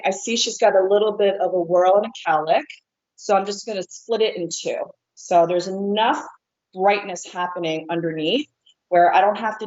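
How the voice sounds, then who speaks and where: A woman, an American hair colorist, calmly walks through each step of painting hair during a live demonstration. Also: mid-range voice. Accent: American, sometimes Northeastern. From born in Korea, raised in New Jersey. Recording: dull lo-fi livestream audio.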